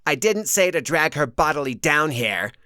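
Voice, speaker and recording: A man voicing a stern, cold older woman who gives orders calmly. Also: on the high side, normal speed, clear, resonant tone, no room sound, clean studio sound, pitched above the performer's own voice. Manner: cold, commanding.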